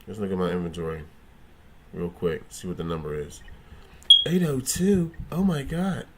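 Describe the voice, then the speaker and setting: A man's voice: sits low, animated, moderate pace, heavy background noise. A man hosting a casual gaming livestream, joking and cursing as he thinks aloud and talks back to his chat. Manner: thinks aloud, trailing restarts.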